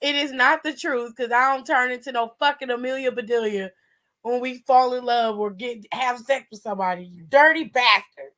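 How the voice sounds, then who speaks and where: A woman's voice: fairly high pitch, moderate pace, sharp tone. A woman hosting a casual aftershow, exasperated and swearing, breaking into laughter as she talks. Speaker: show host. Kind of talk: casual reaction commentary.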